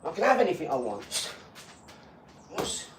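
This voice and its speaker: A man talking in a casual live chat, rambling and boastful, breaking into animated rants. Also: on the high side, unhurried. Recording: echoey room, far from mic, faint hum.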